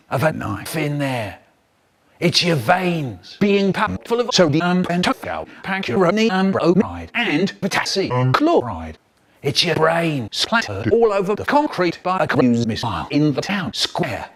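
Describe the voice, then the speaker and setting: A man telling a spliced comic story in a lively, singsong storyteller's way. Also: on the high side, slow pace.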